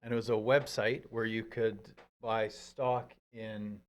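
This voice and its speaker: Man calmly reminiscing on a podcast. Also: lowish voice. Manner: reminiscing, unhurried explanations. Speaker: podcast guest. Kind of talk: casual chat.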